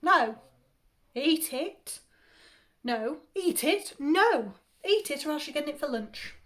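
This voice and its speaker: Brief: a woman playing a defiant, cheeky boy in a read-aloud story, high and bright. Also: expressive, takes it slowly, heavily acted. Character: stubborn young boy refusing food.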